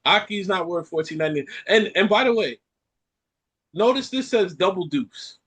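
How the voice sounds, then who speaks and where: A Caribbean man hosting a podcast, ranting in an animated way and repeating lines for effect. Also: sits high, moderate pace, breathy edge. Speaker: podcast host. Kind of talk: casual chat.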